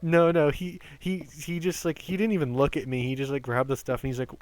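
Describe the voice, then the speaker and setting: A man in his twenties telling rambling work stories on a game stream, animated, swearing often and stumbling over restarts. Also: mid-range voice, fast. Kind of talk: casual storytelling while gaming.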